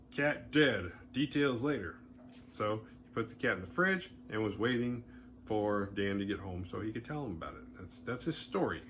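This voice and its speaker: Podcast host, male, low voice, rambling casual recap with faint hiss behind. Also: expressive, a bit bright. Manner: loose, rambling retelling with quick voiced asides. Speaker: horror movie podcast host.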